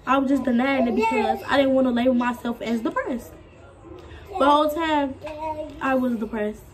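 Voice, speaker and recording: A woman's voice: high-pitched, normal speed. A young woman, telling a personal story in a casual, rambling way and acting out what others said. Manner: rambling, repeats herself, quotes people in voices. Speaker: vlogger.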